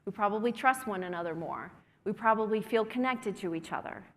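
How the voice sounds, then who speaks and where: Brisk and mid-range with a touch of brightness, a woman presents a guided breathing and humming workshop. She cheers the group on in a conference breakout room, where the sound echoes with long hall reverb.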